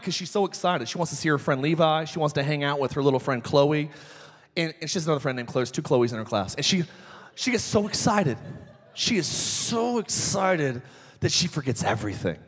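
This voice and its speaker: A man in his thirties preaching a sermon as pastor, telling animated stories with shouted peaks. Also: a little high, fairly quick, husky. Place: church sanctuary. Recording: church hall reverb.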